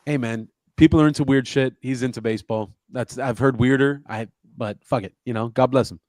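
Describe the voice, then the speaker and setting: Profane deadpan male comedian. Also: mid-range voice, a little fast, dry recording. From South Florida. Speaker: guest comedian. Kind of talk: casual podcast chat, storytelling.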